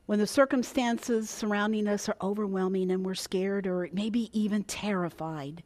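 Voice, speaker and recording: A woman's voice: mid-range voice, moderate pace, few pauses, darkish tone. A woman preaching a sermon, dramatic, dropping to a whisper and rising for emphasis.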